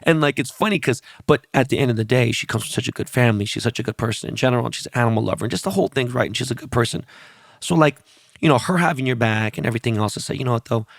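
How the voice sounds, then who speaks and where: A podcast host with a gravelly, creaky voice, telling stories bluntly and peppering them with curses. He often turns to address his listeners directly. The sound is close and dry. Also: mid-range voice, rapid-fire, no room sound. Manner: profane, blunt storytelling; talks straight to his audience. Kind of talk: casual podcast conversation.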